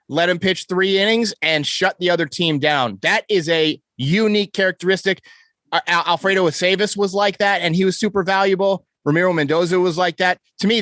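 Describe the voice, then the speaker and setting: A man's voice: high voice, fairly bright tone, dry recording, studio quality. A man hosting a casual sports podcast, reeling off stats and correcting himself as he goes. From New York. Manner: stat-heavy, enthusiastic, self-correcting. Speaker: podcast host.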